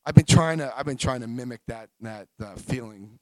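A middle-aged man sharing his recovery story at a meeting, telling it in an emotional, animated way. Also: mid-range voice, fairly quick, no echo, poor audio.

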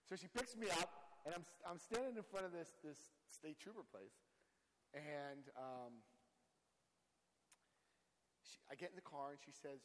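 A man telling his recovery story to a group, an animated storyteller who acts out the other voices loudly. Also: fairly high pitch, moderate pace, big-room sound, low-quality recording. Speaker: speaker sharing recovery story.

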